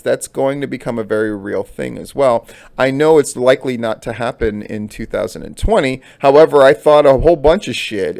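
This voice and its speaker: A man's voice: mid-range voice, creaky. A middle-aged man giving a blunt, profane solo commentary on wrestling news, repeating his points for emphasis. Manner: blunt and profane, heavy swearing.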